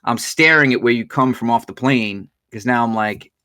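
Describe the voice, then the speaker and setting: A man's voice: mid-range voice, normal speed, sharp tone. A man hosting a podcast, telling a story in casual chat, swearing freely. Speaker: podcast host.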